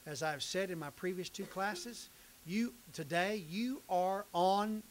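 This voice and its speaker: A man's voice: high voice, slow pace, a little hiss or hum, poor audio. An older man teaching a Bible class in a folksy, conversational way. He reads scripture, repeats phrases for emphasis and jokes with his students.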